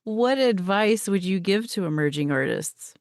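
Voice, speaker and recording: A woman's voice: medium pitch, lively intonation, moderate pace, no room sound, studio quality. A woman hosting a podcast, asking interview questions and giving brief, encouraging reactions. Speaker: podcast host.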